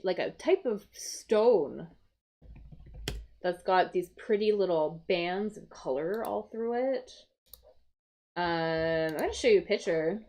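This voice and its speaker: A woman teaching English vocabulary on a live stream, thinking aloud as she works through crossword clues. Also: medium pitch. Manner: slow, explaining, thinking aloud.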